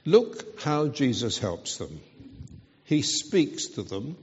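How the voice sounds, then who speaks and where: A man's voice: medium pitch, big pitch swings. A man preaching a sermon, speaking earnestly and with emphasis. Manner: slow, earnest, emphatic delivery. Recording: dull, reverberant hall sound.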